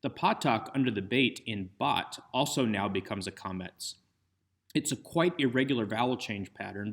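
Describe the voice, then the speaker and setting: A man's voice: on the low side, husky. A man giving a recorded lecture on Hebrew grammar over slides, explaining methodically step by step. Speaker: Hebrew instructor.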